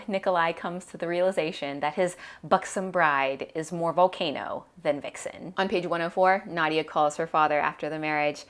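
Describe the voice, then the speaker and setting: A woman's voice: fairly low pitch, animated, moderate pace, hardly any pauses, fairly bright tone. A woman hosting her book review, speaking expressively and reading passages aloud with dramatic emphasis.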